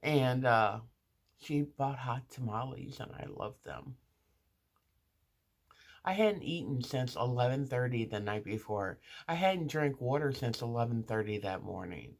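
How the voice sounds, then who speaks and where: A woman's voice: a bass voice, expressive, unhurried, vocal fry. A woman vlogger telling a casual story in a chatty monologue, with restarts and asides, acting out the other people in it.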